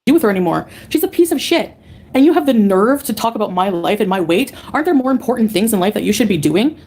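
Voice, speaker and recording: A woman's voice: mid-range voice, sing-song, fast, darkish tone. A woman livestreamer ranting angrily at her chat, profane and dismissive.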